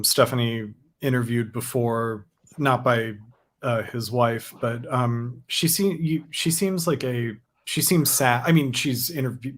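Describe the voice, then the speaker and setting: A man co-hosting a podcast, speaking in a measured, hesitant way, with fillers. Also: mid-range voice. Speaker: podcast co-host. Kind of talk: casual chat.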